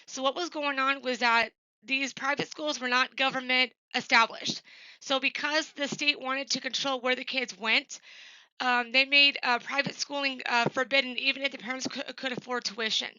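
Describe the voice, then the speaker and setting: Woman, student presentation, high pitch, earnest, lots of ums, dry slightly dull computer-mic sound. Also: fairly even intonation, moderate pace, pushed and bright, no room sound. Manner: plain, earnest delivery with frequent ums and uhs. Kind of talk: recorded class presentation.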